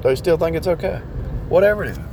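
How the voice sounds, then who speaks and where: A man's voice: a little high, animated, quick pace, mellow, slight background noise. A man talking in a rambling casual monologue about faith, with many restarts and repeated phrases. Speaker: speaker sharing religious reflections.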